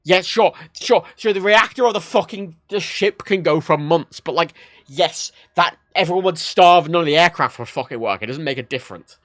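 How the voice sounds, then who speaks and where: A man's voice: on the high side, moderate pace, fairly bright tone, no room sound, studio quality. A young man streaming a game, talking casually in a profane, opinionated rant. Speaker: livestreamer. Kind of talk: casual gameplay stream commentary.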